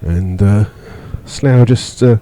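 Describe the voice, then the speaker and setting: A man giving live radio football commentary from the stand, steady play-by-play with many fillers, rising sharply when he disputes a call. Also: on the low side, slow pace, rough recording. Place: stadium stand among fans.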